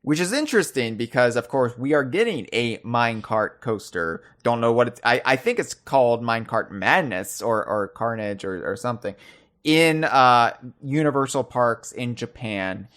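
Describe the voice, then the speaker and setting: A man's voice: mid-range voice, animated, moderate pace. A man hosting a podcast in casual chat, playful and chatty, trading trivia with his guest. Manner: playful, shouts bits of trivia as a running joke. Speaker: podcast host.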